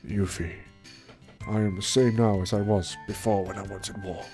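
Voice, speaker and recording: A man's voice: on the low side, steady tone, normal speed, dark tone, soft background music, voice pushed down, natural voice. Godo, a man doing a stern old lord. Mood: solemn. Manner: solemn, lecturing. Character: stern older male lord, a father. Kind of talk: let's play voice acting.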